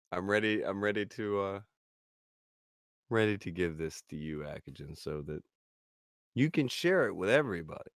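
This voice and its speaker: A man's voice: deep voice, animated, moderate pace, long pauses, no room sound, clean studio sound. A man hosting a casual stream show, chatting and reading viewer comments aloud. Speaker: host.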